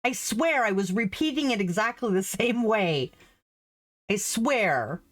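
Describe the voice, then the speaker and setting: A woman's voice: mid-range voice, lively intonation, measured pace. A middle-aged woman, a former French teacher, chatting casually and telling stories, laughing often. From Canada. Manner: chatty, laughs often, acts out quoted voices. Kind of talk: casual storytelling while embroidering.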